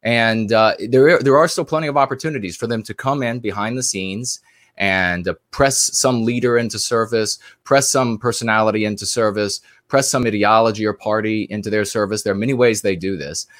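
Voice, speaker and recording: A man's voice: lowish voice, fairly quick, fairly bright tone, dry recording, studio quality. A man co-hosting a livestream and giving a long spoken commentary. He talks earnestly, often restarting and repeating phrases. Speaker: livestream co-host.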